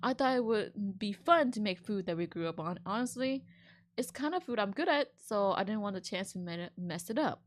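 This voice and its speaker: A woman streamer reading an online story aloud and reacting to it with animated, indignant, slangy comments. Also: mid-range voice, normal speed. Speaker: VTuber streamer.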